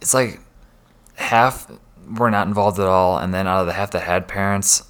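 A man's voice: deep voice, normal speed, clean tone. A young man casually telling stories from his past jobs, acting out the people he quotes. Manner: animated storyteller, acts out quoted voices. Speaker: guest. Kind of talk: casual storytelling chat.

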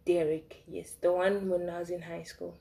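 A young woman telling a casual storytime about her crushes, animated, swinging between loud outbursts and soft asides. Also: on the low side, normal speed, vocal fry. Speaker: vlogger.

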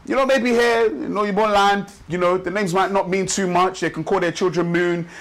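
Male pastor with a high voice, rhythmic repetitive sermon delivery. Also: fairly even intonation, fairly bright tone, low-quality recording. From Nigeria. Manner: rhythmic preaching with repeated phrases, slows for emphasis. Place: church service.

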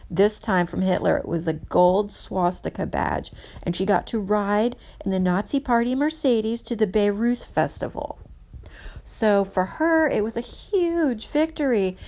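Woman, casual history narration, slow pace, earnest and emphatic, halting restarts. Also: mid-range voice, creaky, a little mellow.

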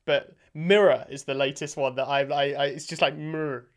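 A man's voice: medium pitch, fairly even intonation, a little fast. A British man hosting a casual interview, chatty and full of fillers, laughing easily. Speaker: podcast host.

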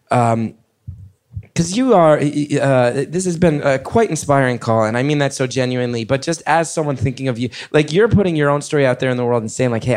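A man's voice: medium pitch, a little mellow. A man hosting a call-in show on stage in front of an audience, talking in an earnest, caring and jokey way. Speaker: host. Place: stage before a live audience.

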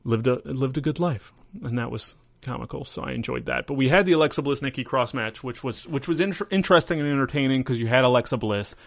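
A man's voice: mid-range voice, quick pace, creaky, a bit bright, dry recording. A man hosting a podcast, chatting casually through a recap in a rambling, amused way and correcting himself as he goes. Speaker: podcast host. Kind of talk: casual wrestling recap chat.

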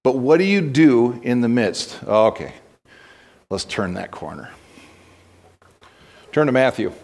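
A man's voice: medium pitch, big pitch swings, takes it slowly, a little mellow. A man preaching a sermon as pastor, telling stories conversationally and breaking into blunt exhortations, with frequent restarts.

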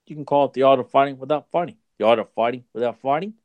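A man doing an impression of a calm martial arts film master, slow and low, with an odd accent close to Australian. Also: dry recording, narrow, tinny audio, close to an everyday voice. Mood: calm, terse. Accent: odd put-on accent, close to Australian.

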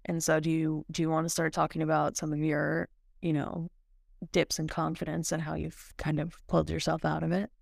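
A woman with a low, gravelly voice co-hosts a podcast in relaxed chat. She leads into her questions gently, with plenty of ums and "you know"s. The recording is dry and close. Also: fairly quick, no echo. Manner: relaxed, prompting questions with fillers. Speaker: podcast co-host.

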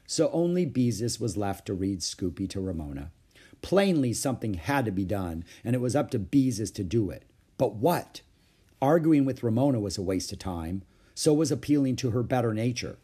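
A man reading a children's book aloud with expressive storytelling. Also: lowish voice, normal speed, husky. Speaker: storybook reader.

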